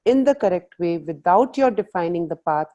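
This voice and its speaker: Woman facilitator, mellow tone, playful group coaching, mixes Hindi in. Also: lowish voice, normal speed, muffled recording. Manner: lively, playful, asks the group questions, mixes in Hindi phrases. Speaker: workshop facilitator. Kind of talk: live coaching talk on a video call.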